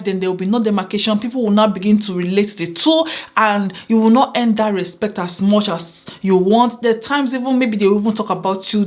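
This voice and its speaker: Woman, mid-pitched, earnest advice vlogger who drives points home by repetition. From Nigeria. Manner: earnest, repeats phrases for emphasis. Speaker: vlogger giving workplace advice. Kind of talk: casual advice talk to camera.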